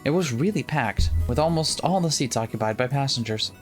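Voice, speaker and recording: A let's-play co-host reading a visual novel's narration aloud, playful and quick to joke between passages. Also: mid-range voice, expressive, soft background music. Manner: playful, breaks into laughter and jokes.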